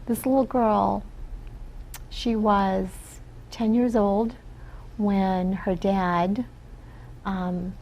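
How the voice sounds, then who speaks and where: A woman's voice: medium pitch, fairly even intonation, extremely slow, pauses often, highs cut off. A woman from the Philippines, a guest on a talk show, telling stories in an earnest way and often asking "right?". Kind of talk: casual interview talk.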